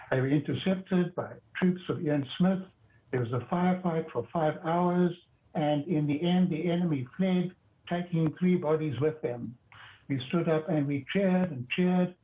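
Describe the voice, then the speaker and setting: Older man on a tinny line. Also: fairly high pitch. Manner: reflective storyteller, stumbles and repeats words. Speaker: interview guest, former judge. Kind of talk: recounting memories in an interview.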